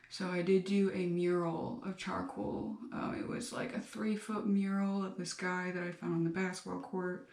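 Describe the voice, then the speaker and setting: A young woman rambling through a personal vlog, halting often with fillers and restarts. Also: lowish voice, darkish tone. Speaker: vlogger. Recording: echoey room, mic at a distance.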